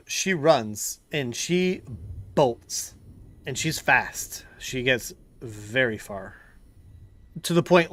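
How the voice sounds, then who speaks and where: A man at a mid pitch runs a tabletop game over an online call. His talk is halting and casual, full of fillers and restarts. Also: fairly bright tone, dry recording. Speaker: game master.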